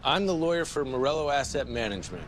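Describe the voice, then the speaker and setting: An actor playing a cocky, unflappable corporate lawyer in a TV drama, confident and cutting. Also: male voice, fairly high pitch, animated, fast, slight background noise, lightly acted. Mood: cool commanding. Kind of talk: TV drama dialogue.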